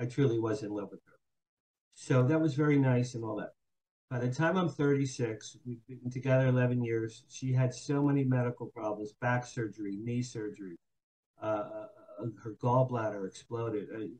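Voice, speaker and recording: An older man speaks as a podcast guest, telling his own story in a frank, halting way. His tone is mellow and relaxed, never sharp. He stumbles, repeats himself and fills gaps with ums and uhs. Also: medium pitch, rough recording. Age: 60s. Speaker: guest, publicist and author. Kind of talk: candid personal storytelling. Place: Hollywood.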